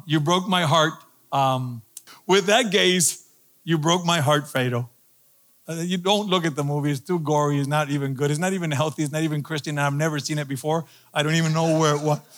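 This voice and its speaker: A middle-aged male pastor with a slightly high, somewhat bright voice preaches a sermon a little fast and with fairly even intonation. He builds emphasis through rising, repeated phrases and calls on the congregation to repeat lines back to him.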